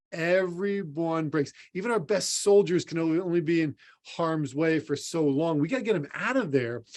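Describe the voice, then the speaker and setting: A man, a sports psychologist, giving an earnest motivational conference talk and speaking straight to the listener. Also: on the high side. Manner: earnest, direct, addresses the listener as "you". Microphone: recorded for an online symposium.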